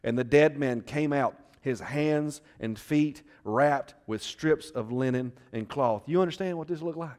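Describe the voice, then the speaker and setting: A male pastor in the middle of a sermon, telling the story like he is right there in it. He talks to the congregation directly, tosses them questions, and lets his volume swing from near hush to full-voiced bursts. His pitch sits in the middle of the male range. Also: a little slow, few pauses. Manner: dramatic storytelling, swings between loud and hushed; conversational, asks the crowd questions.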